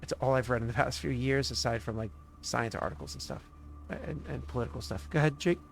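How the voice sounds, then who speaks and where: A man running a tabletop game as game master, talking in loose, rambling stretches full of fillers. His pitch sits at an ordinary middle. Faint music plays underneath. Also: fairly quick, vocal fry.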